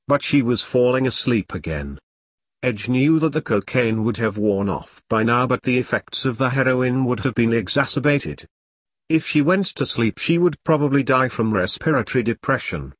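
Husky man reading an audiobook. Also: mid-range voice, expressive, normal speed, no room sound. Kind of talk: audiobook narration.

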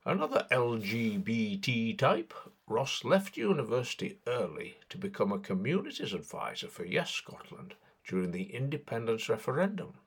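A man's voice: medium pitch, very animated, moderate pace, husky. A man delivering sardonic satirical political commentary in a mocking, sarcastic way.

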